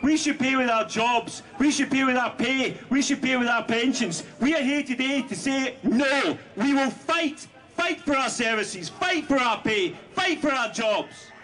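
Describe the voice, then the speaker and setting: A man giving a rally speech as a union speaker, shouting slogans with rhetorical fire. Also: extremely high pitch, unhurried, hardly any pauses. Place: outdoor street rally. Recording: noisy outdoor rally audio.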